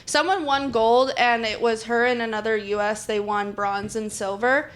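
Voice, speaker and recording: A woman's voice: fairly high pitch, fairly even intonation, moderate pace, a bit bright. A young woman hosting a podcast in casual chat, swearing freely and losing track of names. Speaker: podcast host.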